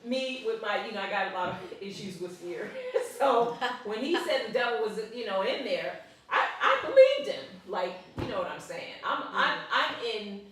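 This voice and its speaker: A woman's voice: mid-range voice, big pitch swings, moderate pace, noisy background. A woman leading a live workshop, telling a story in a chatty way, laughing often and checking in with her audience. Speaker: workshop leader and ministry founder. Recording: echoey room, voice from far off.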